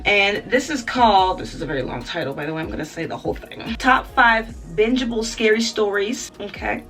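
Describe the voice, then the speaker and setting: A woman's voice: medium pitch, a bit bright, recorded from a distance. A woman hosting a reaction video, chatting casually straight to her viewers with lots of asides.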